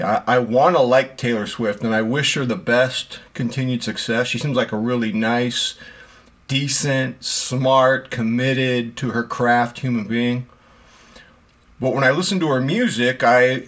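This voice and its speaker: A man's voice: mid-range voice, fairly bright tone. Rambling middle-aged man. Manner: rambling, self-deprecating, with frequent fillers. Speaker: watch channel host. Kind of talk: casual monologue to camera.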